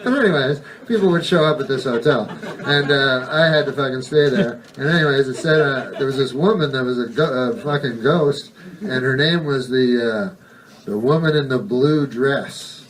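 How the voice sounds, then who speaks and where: A male stand-up comedian telling a rambling, deadpan bit full of swearing and digressions. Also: mid-range voice, moderate pace, distant mic.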